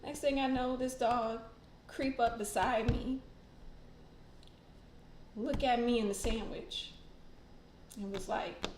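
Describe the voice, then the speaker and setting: A woman's voice: fairly high pitch, fairly even intonation, takes it slowly, pauses often, echoey room, noisy background. A woman hosting a casual livestream, chatting. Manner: chatty, rambling, many fillers and laughs. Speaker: tarot channel host.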